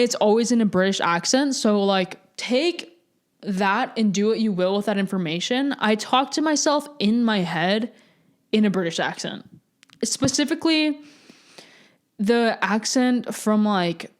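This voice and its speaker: An eighteen-year-old woman hosting her own podcast, chatting casually in a rambling, self-mocking way. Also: medium pitch. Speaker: podcast host. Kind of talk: casual solo podcast chat.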